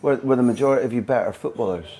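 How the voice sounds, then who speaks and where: A man's voice: medium pitch, rapid-fire, dark tone, slight background noise. A man from Scotland with a mild Scottish accent, hosting a podcast and asking articulate, playful questions. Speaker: podcast host, interviewer. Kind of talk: interview questions.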